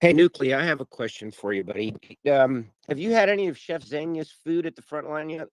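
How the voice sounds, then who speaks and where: A man in casual chat, asking friendly questions in quick bursts. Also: on the high side, dry recording.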